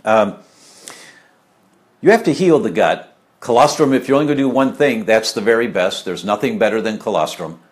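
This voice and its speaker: Lively, rambling middle-aged man. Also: on the low side, moderate pace. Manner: rambling, chatty, frequent fillers and asides. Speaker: health speaker answering viewer questions. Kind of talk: casual live talk.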